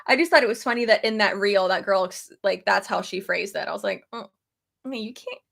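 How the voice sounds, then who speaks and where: On her livestream, a young pregnant woman chats and tells lively stories, laughing and cursing throughout. She speaks fairly quickly at a medium pitch with a gravelly quality.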